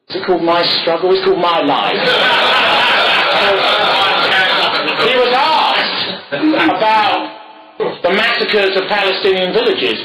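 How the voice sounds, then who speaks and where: Man, forceful bright tone, rambling anecdotal monologue with chuckles. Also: a little high, reverberant, low-quality recording. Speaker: speaker. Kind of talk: ideological monologue.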